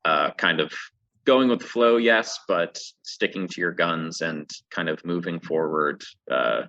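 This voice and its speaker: A man with a very deep voice that still rings bright and forceful talks as a podcast guest. He sounds upbeat but hesitant, with plenty of "uh" and "um", and his audio comes through dull and lo-fi. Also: unhurried. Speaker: brewery owner, guest. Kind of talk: casual interview chat.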